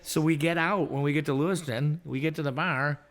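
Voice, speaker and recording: A man's voice: fairly high pitch, steady tone, brisk, fairly bright tone. A man co-hosting a podcast, telling a story in a laid-back, rambling way, recorded in a bar. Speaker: podcast co-host. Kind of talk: casual chat, storytelling.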